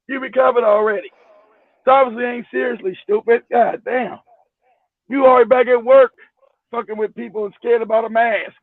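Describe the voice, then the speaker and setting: A man's voice: extremely high pitch, dry recording. A man calling in for casual banter, profane and laughing as he mocks people. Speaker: caller. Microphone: phone. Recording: tinny dry phone line.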